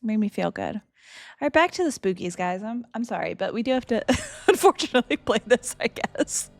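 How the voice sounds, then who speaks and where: A woman streaming a game live and chatting casually with her viewers, emotional and quick to laugh. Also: on the high side, expressive, vocal fry, no room sound, studio quality.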